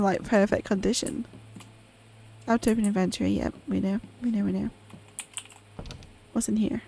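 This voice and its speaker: A woman's voice: a little high, gravelly, a little mellow, no echo. A woman chatting casually while she plays a pixel horror game, reacting aloud to what she sees. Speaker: gaming channel host. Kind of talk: casual let's-play commentary.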